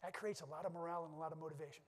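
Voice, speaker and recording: A middle-aged keynote speaker races through earnest personal stories at a conference, repeatedly restarting as he goes. His pitch is fairly high with fairly even intonation, and the hall adds a long reverb.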